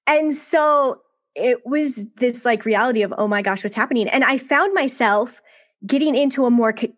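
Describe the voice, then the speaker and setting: A woman in her thirties telling her own story as a podcast guest, candid and emotional, often laughing between quick bursts of talk. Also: fairly high pitch.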